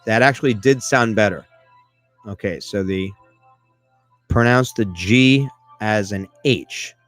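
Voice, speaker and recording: A man hosting a live podcast in a casual chat style, animated and self-mocking, and he keeps asking listeners for feedback. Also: on the low side, slow pace, soft background music. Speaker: podcast host.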